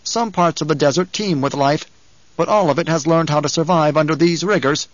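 A man's voice: a little high, a little fast, dry recording, highs cut off, lightly acted. A man voicing a stiff, curt desert scientist. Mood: explaining. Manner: curt and wary. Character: stiff, guarded male desert planetologist. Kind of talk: audiobook character reading.

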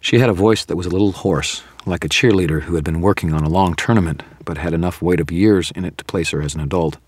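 Low husky male audiobook narrator. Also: quick pace. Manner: dry, wry storytelling. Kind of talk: first-person audiobook narration.

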